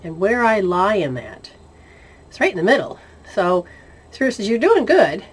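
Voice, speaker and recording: A woman casually telling a personal spiritual story, animated, often laughing and acting out the dialogue. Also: medium pitch, moderate pace, breathy edge. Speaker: spiritual intuitive sharing experiences.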